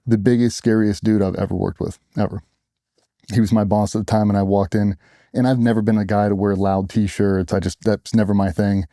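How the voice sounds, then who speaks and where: Middle-aged ex-operator guy, blunt n profane, real dark mellow voice, dry close sound. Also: fairly low pitch, level tone, a little fast, no echo. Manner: blunt, profane, acts out quotes of others. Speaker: interview guest, former special operations operator. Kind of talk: storytelling in a casual interview.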